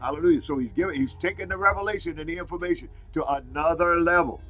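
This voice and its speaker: A man preaches a fiery sermon, stacking up repeated phrases for emphasis. His voice sits a little high, bright and edged, with a husky grain. Soft music plays faintly behind him. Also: fast talker, poor audio. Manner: exclaims "Glory to God" and "Hallelujah" often.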